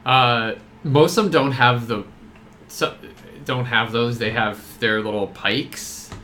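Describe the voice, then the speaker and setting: A man running a tabletop game as game master, narrating in a relaxed, rambling way with fillers. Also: mid-range voice, slow pace, slight background noise.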